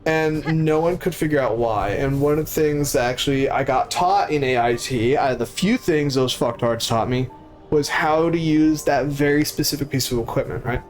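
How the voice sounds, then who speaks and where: A young man streams himself telling a long story in a fairly high, casual voice, swearing freely. He puts on quick voices for each person he quotes. Faint music plays under him. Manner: profane, acts out voices of people in his stories.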